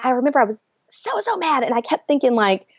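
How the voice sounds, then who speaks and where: A woman, a podcast guest, telling a story with lively acted-out quotes and frequent laughs. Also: high voice, fast talker, husky, dry recording. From Georgia, US. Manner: animated, laughs often, acts out quotes. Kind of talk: storytelling in a casual interview. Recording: dry, dull lo-fi sound.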